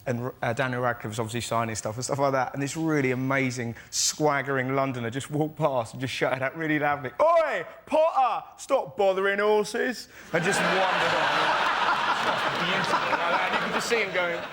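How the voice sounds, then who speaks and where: A man on a comedy panel show, excitedly telling an anecdote and acting out the voices in it. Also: mid-range voice, quick pace, hardly any pauses. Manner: excitable storytelling, acts out voices. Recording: noisy, loud studio audience.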